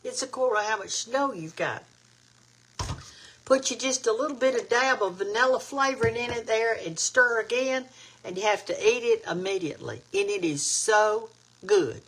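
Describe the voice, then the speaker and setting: A woman's voice: a little high, moderate pace, a bit bright, husky. An older woman with a Southern Alabama accent, hosting a casual cooking livestream, chatting with viewers by name and saying y'all. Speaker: cooking show host. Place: home kitchen.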